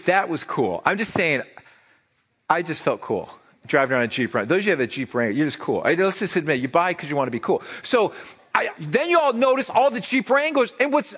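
A man's voice: sits high, a bit bright, slightly rough. A middle-aged man preaching a sermon as pastor, conversational and joking, often repeating words as he starts a sentence.

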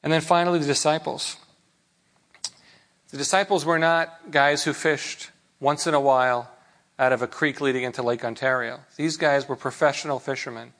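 A man preaching a sermon in a relaxed, conversational way, with rhetorical questions and frequent restarts. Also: fairly high pitch, moderate pace. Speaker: pastor.

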